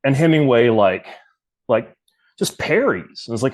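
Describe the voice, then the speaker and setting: A man's voice: mid-range voice, big pitch swings, unhurried, a little mellow. A man co-hosting a podcast, telling an anecdote in a loose, rambling way. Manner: loose, rambling, many fillers. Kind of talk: casual storytelling chat.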